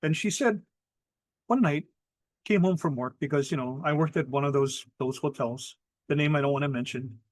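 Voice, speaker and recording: A middle-aged man with a Hawaiian accent, telling a traditional ghost story in lively spoken style, mixing in Hawaiian words and acting out voices. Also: on the high side, moderate pace, dry recording. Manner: animated, acts out quoted voices, mixes in Hawaiian words. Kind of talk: oral storytelling.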